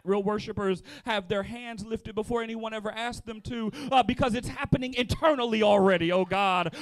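A male pastor preaching a sermon, moving from calm teaching into shouted, sung-out exhortation and repeating key lines for emphasis. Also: high voice, moderate pace, hardly any pauses, no echo, rough recording. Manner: impassioned, shifting between calm teaching and rising shouted exhortation; sings out some phrases, repeats lines for emphasis.

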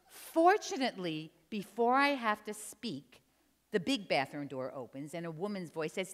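A woman's voice: lowish voice, moderate pace, a little hiss or hum. An older woman from New Jersey telling a funny story on stage, chatty and teasing her audience. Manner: animated, chatty, teases the audience. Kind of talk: humorous live storytelling. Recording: long hall reverb.

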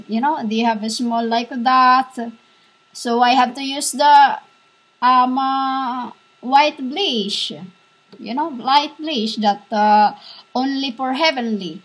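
A woman giving a rambling spiritual monologue straight to the listener, halting often with fillers and repeated words, with brief bursts of speaking in tongues. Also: high-pitched, rough recording. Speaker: self-styled religious speaker.

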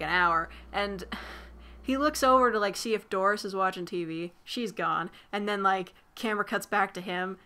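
Casual woman vlogger, bright tense tone, loose rambling delivery full of "like" and cursing. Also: medium pitch. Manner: rambling, filler-heavy, swears freely. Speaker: movie recap vlogger. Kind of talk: casual spoiler recap.

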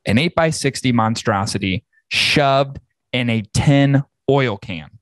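Here a man hosting a podcast goes on an angry, profanity-laden casual rant. The medium-pitched delivery has lively intonation at a normal pace, and there's no echo.

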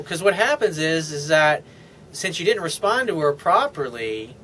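A man's voice: on the high side, very animated, moderate pace, bright, forceful tone, a little hiss or hum. Blunt-talking male dating coach. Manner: blunt, profane, dismissive asides. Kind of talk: casual advice monologue.

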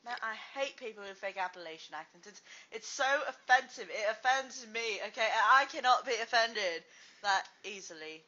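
Woman fan dubber, bright and slightly high, cursing and joking through outtakes on a muffled home mic. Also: lively intonation, moderate pace. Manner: joking, swearing, teasing, laughing. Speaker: fan dub voice actor. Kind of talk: blooper banter between takes.

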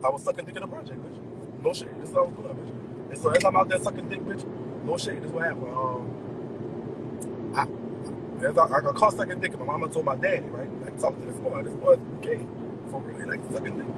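Man venting loudly, high and lively. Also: fairly quick, pauses often, very noisy. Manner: animated, profane, emphatic venting. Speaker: vlogger. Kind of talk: ranting straight to camera.

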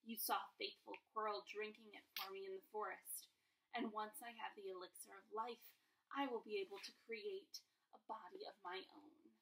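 A woman voicing a cruel, hissing male dark lord in a storybook reading, whispering and snarling his threats. She is recorded from a distance. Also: medium pitch, fairly even intonation, normal speed, vocal fry. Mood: menacing.

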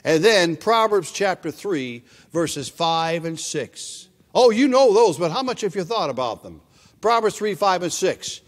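A man's voice: high voice, very animated, a little slow. A male preacher giving a sermon, emphatic and repeating his scripture references, in a church sanctuary. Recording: long church reverb.

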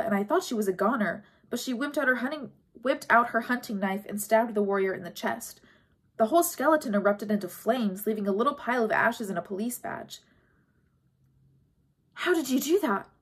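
A woman reading a first-person audiobook chapter, expressive, with a pace that slows and quickens. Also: mid-range voice, husky. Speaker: audiobook narrator.

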